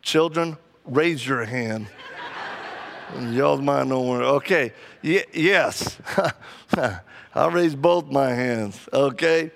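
A man preaching a sermon with animated, humorous storytelling. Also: mid-range voice, slow, gravelly, slight background noise.

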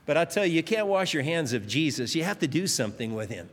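A man's voice: on the high side, sing-song, quick pace, a bit bright, long reverb tail. A pastor preaching a sermon, emphatic, stretching out his climactic lines as his voice rises.

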